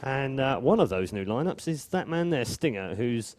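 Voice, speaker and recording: A man's voice: medium pitch, lively intonation, darkish tone, a little hiss or hum. Wry male esports play-by-play caster. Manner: wry, bantering, quick play-by-play. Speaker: esports commentator.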